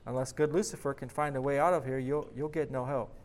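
A man's voice: mid-range voice, fairly even intonation, fast talker, darkish tone, close to an everyday voice. A man reading the lines of a tortured, taunting demon who calls himself a master deceiver, during a sermon. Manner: taunting, mocking.

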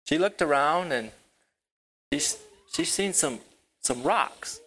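Halting man telling kids a Bible story. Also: a little high, lively intonation, a bit bright, slightly rough, poor audio. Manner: halting, repeats words, asks the kids questions. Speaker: children's teacher. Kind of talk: children's Bible lesson. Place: rural property with a barn.

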